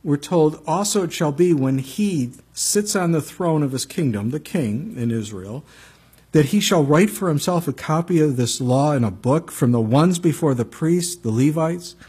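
A pastor preaching a conversational sermon, reading scripture and telling stories with frequent asides to the congregation. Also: male voice, a little high, expressive, normal speed, darkish tone, slightly rough.

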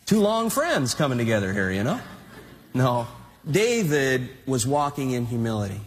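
A man preaching a sermon, telling a story with animated energy and urging his listeners to wake up. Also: medium pitch, moderate pace, a little hiss or hum. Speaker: pastor. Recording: long hall reverb.

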